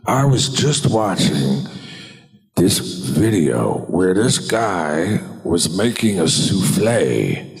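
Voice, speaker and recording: Man impersonating a friendly old film star, rambling, low and in a long hall echo. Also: sing-song, very slow, gravelly, soft background music, full character voice. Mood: affable. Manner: friendly, rambling about videos. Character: chatty older male movie star impression.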